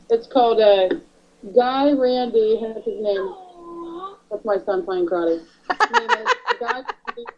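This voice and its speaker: A woman co-hosting a casual podcast chat who tells stories with lively energy and acts out her own panicked lines. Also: medium pitch. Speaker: podcast co-host. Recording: dull lo-fi podcast audio.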